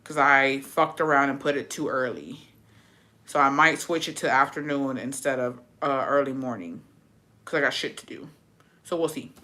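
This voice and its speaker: A young woman hosting a livestream, telling a story in a rapid, profane, casual way and dropping in Spanish words. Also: very deep voice, sharp tone. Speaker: livestream host.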